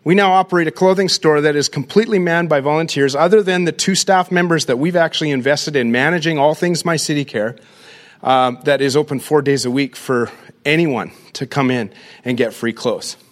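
Energetic pastor preaching. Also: male voice, a little high, fairly quick. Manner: energetic storytelling, addresses crowd as "guys". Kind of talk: church conference talk.

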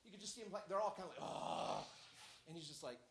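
His voice sits high and races along as he preaches, acting out the characters of a story with great animation. He sometimes shouts and sometimes whispers, over a noisy background.

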